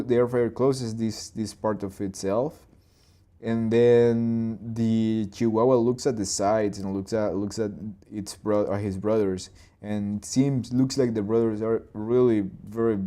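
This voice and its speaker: A man in his twenties or thirties hosting a live storyboarding session, talking loosely through his ideas, with restarts and boom and plop sound effects. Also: warm tone. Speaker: animator and channel host.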